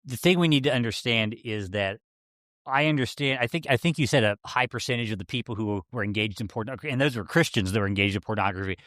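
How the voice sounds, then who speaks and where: A man co-hosting a faith podcast, thinking out loud in a measured, reflective manner. His voice sits at an average pitch, recorded close and dry. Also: no room sound. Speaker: podcast co-host. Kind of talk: casual podcast discussion.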